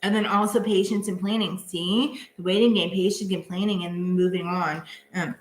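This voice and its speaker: A woman's voice: lowish voice, steady tone, moderate pace, reverberant, slight background noise. A woman doing a live-stream tarot reading in a chatty, casual way, full of filler words and giggles. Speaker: tarot reader.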